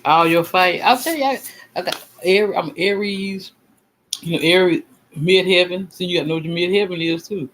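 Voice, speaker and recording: A man's voice: sits high, flat delivery, moderate pace, a bit bright, slight background noise, poor audio. A man hosting a casual livestream, talking in a rambling, emphatic and self-assured way, often repeating himself. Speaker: channel host.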